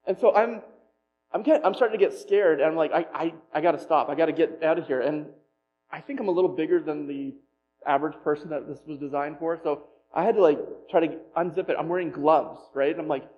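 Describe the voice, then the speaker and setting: A fairly high-voiced man preaches from the pulpit, telling a personal story with self-deprecating humor and lively retelling. The sound is a little dull, with a faint hum underneath. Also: brisk. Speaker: pastor.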